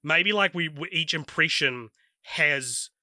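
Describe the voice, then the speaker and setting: A man hosts a podcast in relaxed chat with a very bright, slightly high voice. He talks freely, laughs often and drifts through fillers. The sound is dry and close. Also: slow pace, no room sound. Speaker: podcast host.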